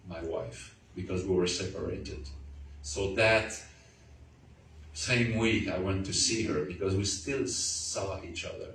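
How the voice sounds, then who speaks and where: Man giving a halting testimony in a roomy hall. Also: deep voice, fairly even intonation, fairly bright tone. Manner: halting, repeats words, earnest storytelling. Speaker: guest speaker. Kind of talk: testimony to a church audience. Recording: roomy, far from the mic, faint noise.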